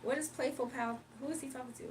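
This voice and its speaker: A woman's voice: sits high, steady tone, fast talker, recorded from a distance, a little hiss or hum, rough recording. A woman from Virginia hosting a late-night livestream, chatting casually, reading comments aloud, and laughing often. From Virginia, United States. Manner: laid-back slangy talk, laughs often. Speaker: livestream host.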